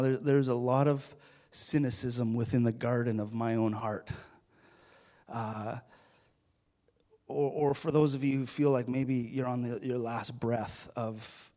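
A man's voice: mid-range voice, a little mellow. A middle-aged man giving a sermon, telling a personal story in an earnest, conversational way that rises in intensity. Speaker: pastor.

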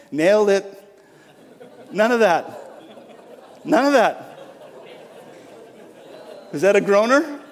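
A man preaching an Easter sermon, reading scripture and then talking in a lively, joking way with frequent restarts. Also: high-pitched, extremely slow, pauses often, some chatter behind. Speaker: pastor. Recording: long hall reverb.

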